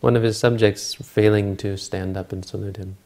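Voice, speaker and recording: A man's voice: on the low side, fairly even intonation, moderate pace, dark tone. A man retelling a Buddhist scripture story in a talk, informal and searching aloud for words and names.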